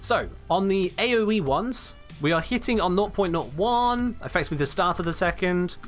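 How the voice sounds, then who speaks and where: Man explaining game mechanics on stream, emphatic and blunt, slightly high voice, faint music behind. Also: lively intonation, moderate pace. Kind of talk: live-stream teaching with chat replies.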